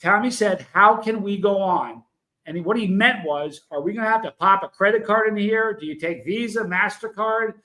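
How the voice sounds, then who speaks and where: A man's voice: high voice, moderate pace, bright, forceful tone, poor audio. A man hosting a livestream in a casual, emphatic way, telling a story and speaking directly to viewers in the chat. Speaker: livestream host.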